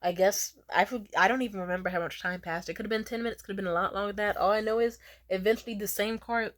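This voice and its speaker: A young adult woman telling a casual storytime vlog, chatty and profane, squealing high when she acts out other people. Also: fairly even intonation, fast. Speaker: vlogger.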